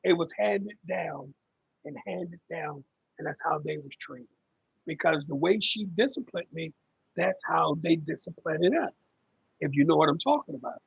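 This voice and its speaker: Gravelly, husky man chatting on a livestream. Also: a little high, lively intonation, unhurried, no room sound, lo-fi sound. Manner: rambling, conversational, many ums. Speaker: livestream host talking about caregiving. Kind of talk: casual livestream chat, reading viewer comments.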